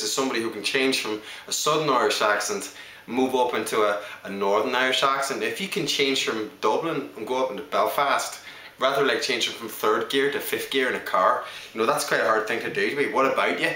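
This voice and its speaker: A man chats through an accent showreel, sliding from one regional English accent to the next with easy confidence. His voice is bright and forward, with a middle pitch. The room around him is echoey. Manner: hops between English accents, chatty and self-assured. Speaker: actor showing accents.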